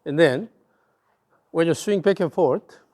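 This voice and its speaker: A man's voice: on the high side, measured pace, darkish tone. A man with a Korean accent giving hands-on golf swing coaching, repeating short cues in rhythm as his student swings.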